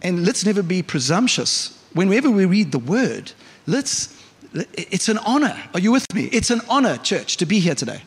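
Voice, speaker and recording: A man's voice: high voice, very animated, moderate pace, husky. A male pastor preaching a conversational sermon in church, often asking the congregation questions. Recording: reverberant church hall.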